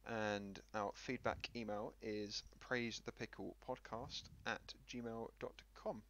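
A man with a hoarse, tired voice hosting a casual gaming podcast, chatty and joking at his own expense. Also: on the low side, fairly even intonation, slow, fairly bright tone. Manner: chatty, self-deprecating, joking. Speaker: podcast host. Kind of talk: casual chat. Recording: slightly muffled audio.

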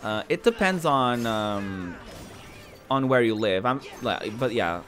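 A man's voice: on the low side, lively intonation, slow, a bit bright, soft background music. Chatty male streamer. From northern Portugal. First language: Portuguese. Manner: chatty, rambling, repeats his words. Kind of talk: casual chat while gaming.

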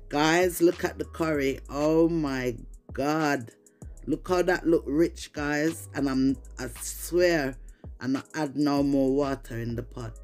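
A woman's voice: very deep voice, slow pace, darkish tone, faint music behind. A woman with a Jamaican accent, chatting to viewers in patois-laced English while she demonstrates a recipe in her kitchen. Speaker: cooking vlogger. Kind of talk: casual cooking demonstration.

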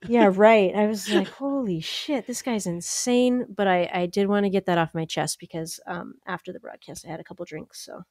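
A woman co-hosting a podcast, telling a story in casual chat, animated and full of "like," acting out what people said. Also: mid-range voice, brisk, few pauses, no echo, studio quality. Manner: animated, acts out quoted voices, lots of "like" and laughter. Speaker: podcast co-host.

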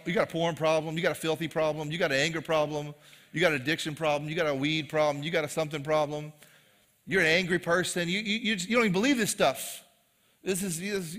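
A man's voice: a little high, fairly bright tone, long reverb tail. A man preaching a sermon to a live congregation, casual and joking in tone. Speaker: pastor. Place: live church service.

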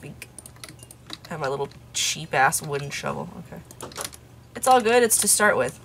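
A young woman giving casual let's play commentary from a room in her parents' home, rambling and mocking herself, with quiet asides muttered under her breath. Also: sits low, animated, moderate pace, vocal fry, slight background noise. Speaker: YouTuber playing a game.

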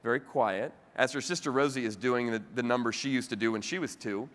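Bright-voiced man giving a keynote. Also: medium pitch, a little fast. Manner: animated storytelling with audience asides. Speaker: keynote speaker. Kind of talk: motivational keynote speech. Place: large convention hall. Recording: long hall reverb.

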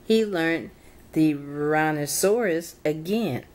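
Young woman reading a bedtime story aloud, kinda halting, fixes her slips. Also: low voice, a little mellow. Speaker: channel host reading to reborn dolls.

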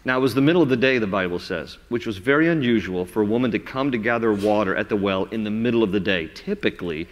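A man preaching a sermon as pastor, telling the story in an animated way and acting out the voices. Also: fairly low pitch, fast, few pauses. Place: large church sanctuary. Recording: reverberant church sanctuary.

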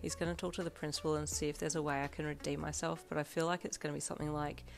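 A woman voicing a moody, excitable teenage student who grumbles and fills her talk with ums and uhs in a fan audio story. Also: low voice, racing, creaky, soft background music. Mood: grumpy, eager.

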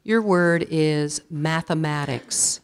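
A woman serving as a spelling bee pronouncer in a school auditorium, formally reading out words and definitions with deliberate enunciation. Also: deep voice, slight background noise.

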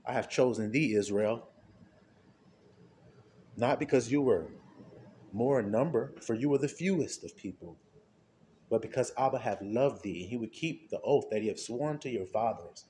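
A man preaches informally in a chatty style, asking rhetorical questions, laughing often, and alternating between soft low murmurs and high exclamations. He's expressive and mellow, keeps a moderate pace with frequent pauses, and there's slight background noise.

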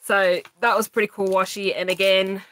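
Casting note: relaxed woman, mid-pitched, chatty craft vlogger with light teasing humor. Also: normal speed, rough recording. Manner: chatty, laughs easily, teasing. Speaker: craft vlogger showing a haul. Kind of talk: casual chat.

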